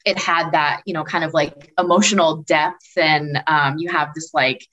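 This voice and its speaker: A woman's voice: low voice, steady tone, moderate pace, a bit bright, highs cut off. A woman chatting casually as a podcast panelist, rambling and heavy on filler words. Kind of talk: casual chat.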